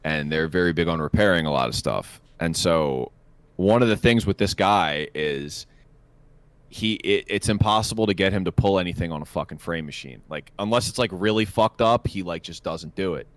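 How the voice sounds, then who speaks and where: A man with a very low voice co-hosts a casual podcast. He tells a rambling, profane and animated story about work. The sound is dry and close to the mic. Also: normal speed, dry recording. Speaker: podcast co-host. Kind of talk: casual chat.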